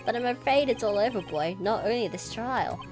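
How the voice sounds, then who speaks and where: A woman's voice: fairly high pitch, lively intonation, over music. A woman playing a smug, taunting police chief. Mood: mocking. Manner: condescending, mocking, slow and taunting. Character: smug scheming middle-aged male police chief. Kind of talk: game dialogue read aloud on stream.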